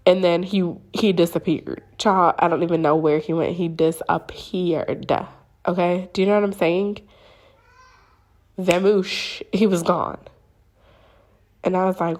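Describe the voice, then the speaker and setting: A woman hosting a spiritual channel, telling a dream in a casual, animated way, acting out her own reactions and often checking in with listeners. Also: fairly low pitch, measured pace. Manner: addresses listeners with frequent "okay?" checks.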